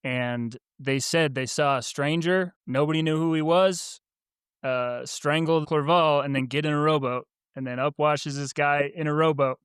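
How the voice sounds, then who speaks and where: A man's voice: on the high side, steady tone, moderate pace, a bit bright, clear, resonant tone, no echo, clean studio sound. A man co-hosting a book podcast who recaps the plot in an easygoing way and laughs often. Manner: easygoing, laughs often while retelling the story. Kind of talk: casual chat, recapping the plot.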